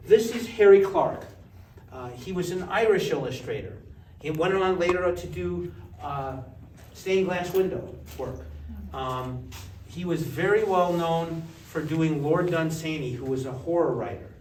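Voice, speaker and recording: A man with a slightly high voice tells stories in a relaxed, animated way, jumping up in pitch when he plays other people. He is recorded from across an echoey gallery room, with faint hiss underneath. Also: unhurried, far from the mic. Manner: animated anecdotes, acts out voices with big pitch jumps. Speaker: art collector giving a gallery talk. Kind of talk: casual storytelling talk. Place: museum gallery.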